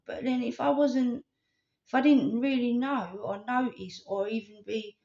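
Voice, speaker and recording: A woman's voice: on the high side, vocal fry, mellow. A woman, rambling earnestly in a casual vlog and telling stories with animation. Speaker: vlogger. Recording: slightly dull lo-fi recording.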